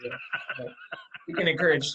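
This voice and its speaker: A man's voice: a little high, brisk, a crowd in the background. A man co-hosting a casual podcast among friends, laughing often as he tells stories. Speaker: podcast co-host. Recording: muffled lo-fi audio.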